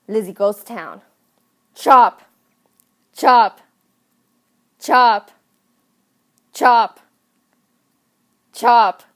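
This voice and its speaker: A woman telling a comic story in a casual, deadpan way full of slang. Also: medium pitch. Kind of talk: comedic storytelling.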